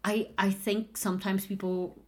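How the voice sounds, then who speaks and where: Woman, casual co-host, animated, thinks out loud. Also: mid-range voice, moderate pace. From United States. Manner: animated, thinks aloud with restarts and laughs. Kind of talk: casual chat.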